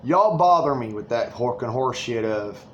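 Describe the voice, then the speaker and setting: A man's voice: medium pitch, animated, moderate pace, muffled recording, a little hiss or hum. A man delivering an angry, rambling political rant full of swearing.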